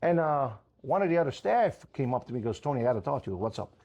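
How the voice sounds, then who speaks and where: A man who owns a restaurant, telling a story in casual chat with animated, profane, fiery energy. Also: medium pitch, racing, lo-fi sound. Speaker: restaurant owner.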